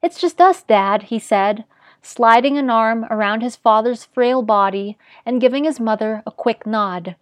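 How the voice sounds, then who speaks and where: A woman reading a literary story aloud as narrator, in a measured storytelling manner. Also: on the high side, fairly even intonation, no room sound, studio quality. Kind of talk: scripted narration.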